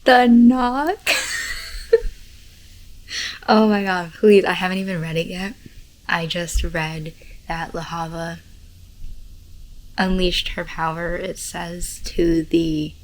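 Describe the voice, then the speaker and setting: Rambling excitable woman, low voice, slow. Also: poor audio. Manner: excitable, rambling, many "like" fillers. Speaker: book vlogger. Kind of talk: casual reading vlog to camera. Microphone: camera mic, talking to camera.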